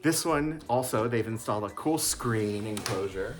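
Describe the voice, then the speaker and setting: A man's voice: on the low side, expressive, normal speed. A man from Louisiana giving a casual walkthrough tour, upbeat and jokey, chatting with small restarts. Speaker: vlogger touring a backyard unit. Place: small unit indoors and out, backyard.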